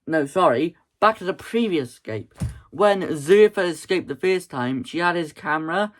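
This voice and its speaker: A man's voice: fairly high pitch, animated, moderate pace. A man casually recapping a film plot in a rambling, chatty way, full of fillers and laughs. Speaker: movie reviewer.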